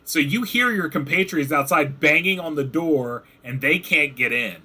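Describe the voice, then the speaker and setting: Bright-voiced man running a tabletop game. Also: fairly high pitch, expressive, moderate pace. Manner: loose narration full of likes and ums. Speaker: game master.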